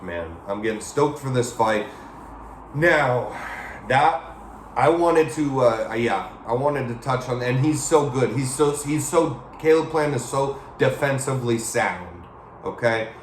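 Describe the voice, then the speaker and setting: A man hosting a casual boxing chat, rambling and getting emotional and excited as he talks. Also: mid-range voice, takes it slowly, roomy sound, slight background noise. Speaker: boxing watch-along host. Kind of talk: casual live fight chat.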